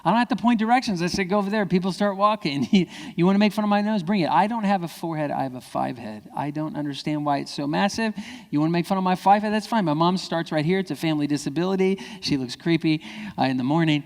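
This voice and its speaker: A man giving a lively keynote speech to parents, acting out quoted kids and parents in high voices. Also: fast talker. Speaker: keynote speaker. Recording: hall reverb.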